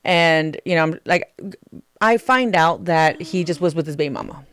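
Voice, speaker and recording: Brief: young woman, low smooth voice, dry close mic, animated swearing storyteller. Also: moderate pace, dry recording. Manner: animated, swears freely, acts out quotes. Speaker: podcast co-host. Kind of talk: casual storytelling chat.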